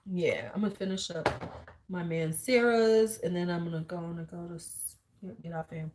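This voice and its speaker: A woman in her forties, host of a beauty livestream, telling a story in animated, slangy casual chat and laughing often. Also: lowish voice, moderate pace, slight background noise. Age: 40s.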